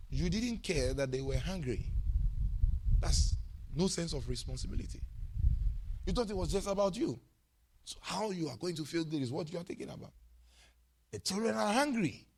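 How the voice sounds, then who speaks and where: Man preaching, kinda high voice, hammers the same point over and over, keeps asking the crowd if they're with him. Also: breathy edge. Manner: emphatic and repetitive, quizzing the congregation. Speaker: pastor. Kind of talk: sermon.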